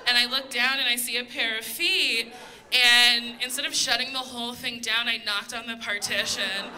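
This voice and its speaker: High-voiced woman comic, loud animated storyteller, live stage mic with room noise. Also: moderate pace, rough recording. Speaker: stand-up comedian. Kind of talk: stand-up comedy set. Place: comedy stage before a live audience.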